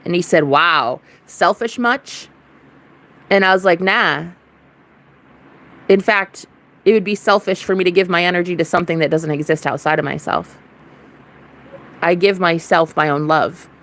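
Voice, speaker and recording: A woman's voice: on the low side, steady tone, moderate pace, pauses often, fairly bright tone. A young woman vlogger ranting to camera in a casual spiritual monologue, blunt, defiant and full of swearing.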